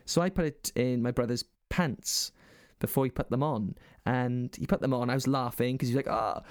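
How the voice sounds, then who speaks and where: A man's voice: medium pitch, moderate pace, no room sound, studio quality. A man in his forties co-hosting a podcast, telling stories in casual chat and acting out voices in his anecdotes. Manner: chatty storyteller, acts out voices in anecdotes. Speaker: podcast co-host.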